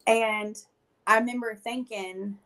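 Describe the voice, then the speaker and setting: A woman's voice: fairly high pitch, fairly even intonation, slow, fairly bright tone. A woman, a guest in an interview, telling her personal testimony in a blunt, slangy and emotional way.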